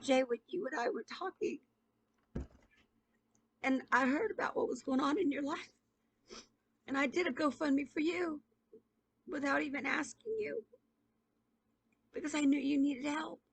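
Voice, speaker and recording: A woman's voice: high-pitched, a little slow, pauses often, rough recording. A woman YouTuber in an emotional personal appeal to camera, pleading and stammering with repeated questions, on the verge of tears. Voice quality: raspy, gravelly.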